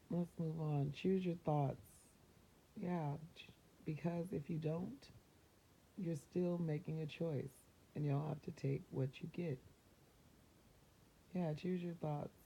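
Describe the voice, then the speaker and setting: A woman talking casually and upbeat about mindfulness and positive thinking, chatty, laughing often and slipping into quick acted-out voices. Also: low voice, creaky, mellow, slight background noise. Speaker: self-help vlogger. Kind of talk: casual motivational talk. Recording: dull lo-fi recording.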